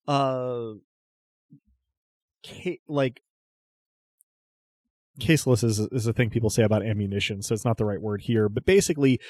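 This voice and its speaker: In a dry recording, a man with a mid-range voice runs a tabletop game as its game master. He paints each scene in an easygoing way, sprinkling in frequent fillers.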